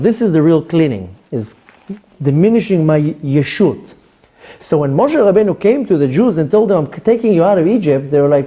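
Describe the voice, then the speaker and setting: Middle-aged male rabbi, Israeli accent, mellow, lively pitch, acts out quoted voices. Sermon delivery. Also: brisk. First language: Hebrew. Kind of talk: Torah class sermon.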